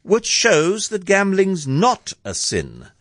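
A man reads a comic storybook poem aloud with a playful, sardonic edge. His pitch swings widely through each line, and the recording is dry and close. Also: huge pitch swings, takes it slowly, fairly bright tone, no echo. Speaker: narrator. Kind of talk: storybook verse reading.

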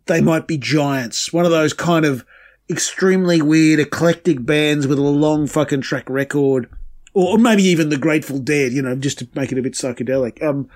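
A man with a somewhat high voice riffs sardonically on a casual music podcast. He swears freely and lets his jokes land dry. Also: darkish tone. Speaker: podcast co-host. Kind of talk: casual chat.

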